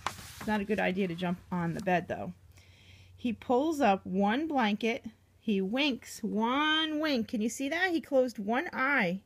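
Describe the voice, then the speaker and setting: A woman reading a picture book aloud to a young child, gently asking the child questions as she goes. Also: on the high side, expressive, a little slow.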